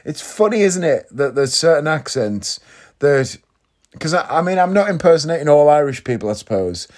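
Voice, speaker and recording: A man's voice: fairly high pitch, very animated, moderate pace, a little mellow. A man from Northeast England talking casually to camera in a vlog, chatty and rambling, often tagging questions onto his sentences. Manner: chatty, leans on tag questions like "isn't it?". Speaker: vlogger.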